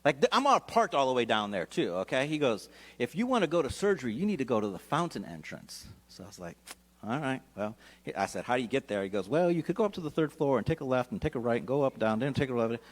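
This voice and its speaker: A pastor telling a personal story in a sermon, talking casually and animatedly, with many restarts. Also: male voice, mid-range voice, sing-song, quick pace. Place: church sanctuary.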